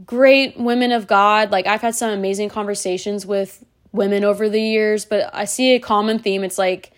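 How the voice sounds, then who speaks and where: A woman's voice: medium pitch, fairly even intonation, moderate pace. A woman in her thirties hosting a solo podcast, talking bluntly and candidly straight to the listener. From United States. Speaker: podcast host.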